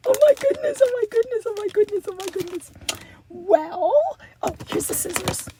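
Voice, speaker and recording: A woman hosting a crafting channel, chatting casually and gushing with excitement as she opens gifts from viewers. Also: very high voice, takes it slowly, pauses often, a little hiss or hum. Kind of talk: casual unboxing chat.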